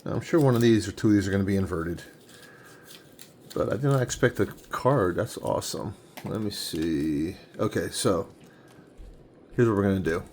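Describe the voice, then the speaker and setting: Gravelly-voiced man in his forties unboxing. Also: deep voice, moderate pace, pauses often, darkish tone, a little hiss or hum. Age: 40s. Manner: enthusiastic, thinking aloud while handling items. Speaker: comic collector unboxing comics. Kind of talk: casual unboxing vlog. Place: home room with a tripod-mounted camera.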